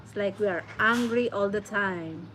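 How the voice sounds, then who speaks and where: A woman's voice: medium pitch, a bit bright, a little hiss or hum, rough recording. A woman from the Philippines chatting casually as she reacts to an accent lesson, repeating words and laughing. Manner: repeats words, laughs often, speaks slowly.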